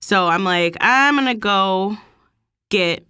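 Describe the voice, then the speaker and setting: A woman's voice: slow, clean tone, no room sound, clean studio sound. A woman hosting her own vlog, casually telling a personal story and acting out what people said. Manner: animated, quotes people in higher voices. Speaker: vlog host.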